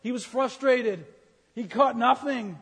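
A man's voice: extremely high pitch, slow, fairly bright tone, breathy edge. A man preaching a humorous sermon, teasing the congregation and acting out grumbling complaints. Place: church sanctuary. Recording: reverberant church hall.

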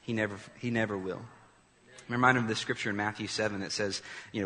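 A male pastor preaching a sermon in an animated, emphatic way, with quick asides to the congregation. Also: fairly low pitch, long reverb tail.

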